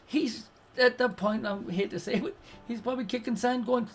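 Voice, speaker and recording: A blunt, foul-mouthed streamer talks through relationship advice in a loose live-stream chat. The voice sits at a middling pitch and swings between low, quiet reassurance and loud, animated outbursts that act out each quoted voice, with faint music underneath. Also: moderate pace. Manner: blunt, swears constantly.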